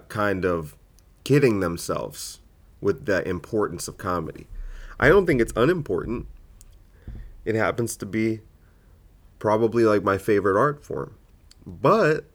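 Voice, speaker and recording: A man hosting a casual solo comedy podcast, rambling and sidetracked, full of fillers and self-corrections. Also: lowish voice.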